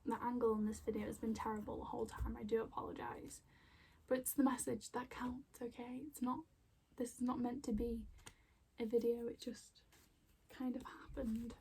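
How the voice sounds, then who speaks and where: A young woman giving an emotional oracle card reading at home, soft and rambling with many fillers. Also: fairly high pitch, level tone, fairly quick, few pauses, slight background noise. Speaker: spiritual card reader. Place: home room with plants.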